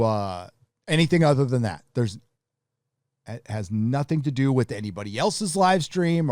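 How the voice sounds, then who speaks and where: A man hosting a live stream, ranting bluntly and profanely in a casual, halting way. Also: mid-range voice, darkish tone, dry recording, clean studio sound. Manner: casual, with restarts.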